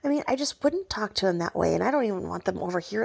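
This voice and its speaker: A woman's voice: fairly high pitch, big pitch swings, fast, gravelly, few pauses, a little mellow. A woman ranting in a gossipy vlog, mocking someone and dropping to whispered asides. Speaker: vlogger.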